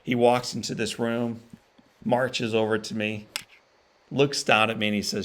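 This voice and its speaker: A man giving an emotional inspirational keynote, telling a personal story with pauses and repeated phrases for emphasis. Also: lowish voice, little pitch movement, fairly bright tone, slight background noise. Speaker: motivational speaker. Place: virtual event stream.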